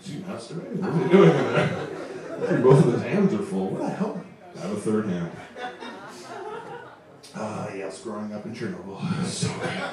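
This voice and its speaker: Big pitch swings mark this man's lowish voice as he performs stand-up at a moderate pace, chuckling through his jokes. He's in his twenties, and the echoey club recording captures crowd noise through a distant mic.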